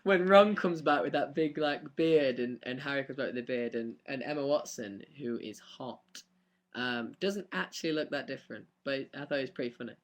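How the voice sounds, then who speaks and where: A man's voice: medium pitch, moderate pace. A young man, chatting casually on a live stream and answering fan questions with lots of ums and laughs. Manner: chatty, rambling, laughs often, many ums.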